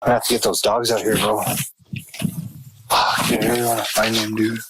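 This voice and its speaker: A man's voice: fairly low pitch, level tone, measured pace, background noise. A man working as a detective who talks in a blunt, casual, slangy way. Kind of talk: casual talk, archive footage.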